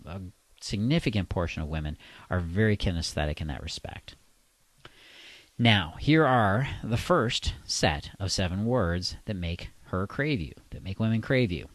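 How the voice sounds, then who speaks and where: A man coaching, speaking slowly and deliberately in a deep, resonant voice with long pauses. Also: no room sound. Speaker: dating coach. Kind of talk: instructional monologue.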